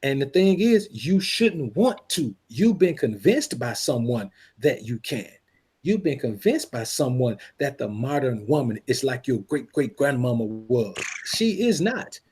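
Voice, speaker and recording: Blunt, lecturing man with husky voice. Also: mid-range voice, big pitch swings, measured pace, a little mellow. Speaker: podcast co-host. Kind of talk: casual podcast talk.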